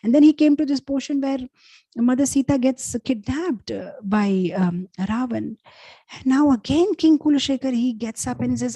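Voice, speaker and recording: A woman giving a devotional class, telling sacred stories in an animated, chatty way, filled with fillers and acted-out voices. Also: high-pitched, normal speed, breathy edge, dry recording, poor audio. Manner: loose, chatty phrasing with many fillers. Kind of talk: devotional storytelling talk.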